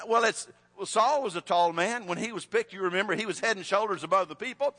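A man's voice: high-pitched, a little fast, sharp tone, big-room sound. A male preacher, telling a Bible story in a conversational sermon with frequent restarts.

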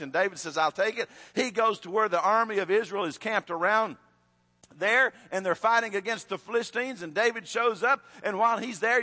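High bright preacher in a hall. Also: male voice. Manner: storytelling, conversational, with restarts. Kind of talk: sermon.

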